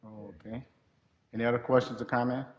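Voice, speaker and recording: A man chairing a public school board meeting, calling votes loudly and briskly and joking between items. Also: medium pitch, flat delivery. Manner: loud, joking, brisk procedural calls. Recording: echoey, muffled meeting-room audio with faint hiss.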